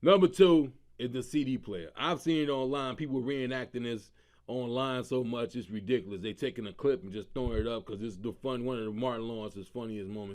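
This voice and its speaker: Mid-range and a little fast, this man's voice belongs to the host of his own comedy show. He talks casually with heavy slang, riffs animatedly, and laughs frequently.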